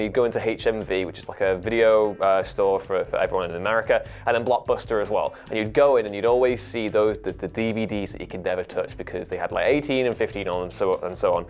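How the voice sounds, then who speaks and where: A young man with a British accent recounts childhood beliefs in a brisk, casual chat. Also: fairly low pitch, a little mellow, soft background music. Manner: brisk, conversational storytelling. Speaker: show panelist.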